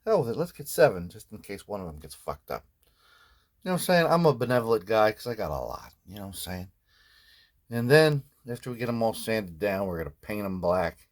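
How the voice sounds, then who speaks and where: A man's voice: fairly low pitch, very animated, a little fast. An older man, narrating his guitar repair work in a joking, rambling way that keeps tagging lines with "man". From Philadelphia. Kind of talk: casual workshop narration.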